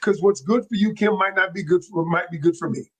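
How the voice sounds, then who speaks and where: A man talking as a relationship coach in an interview, animated and excitable, with a casual way of speaking and frequent restarts. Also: high-pitched, fairly quick, breathy edge. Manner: colloquial, with many restarts. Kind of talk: interview guest.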